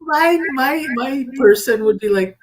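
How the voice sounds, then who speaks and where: A woman's voice: high-pitched, lively intonation, a little slow, slight background noise. A woman co-hosting a casual tarot chat who rambles, jokes and laughs a lot. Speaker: tarot reader co-host.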